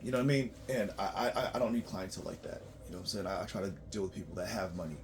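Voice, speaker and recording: A man working as a tax preparer, ranting bluntly and profanely in a monologue, swinging between loud outbursts and low muttering. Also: racing, background noise.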